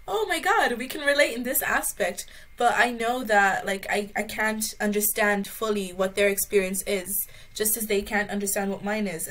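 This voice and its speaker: A young woman from Brazil, a guest chatting casually in an interview, with a mixed American and Irish-sounding accent and a giggly, animated manner. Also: mid-range voice, poor audio. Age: young adult.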